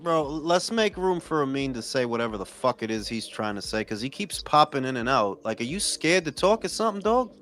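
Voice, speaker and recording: A man's voice: medium pitch, sing-song, fairly quick, hardly any pauses, faint music behind. A man hosting a live boxing talk stream, teasing his panel with profane banter. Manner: profane, teasing, loud laughs. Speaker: podcast host. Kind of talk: rowdy casual stream banter.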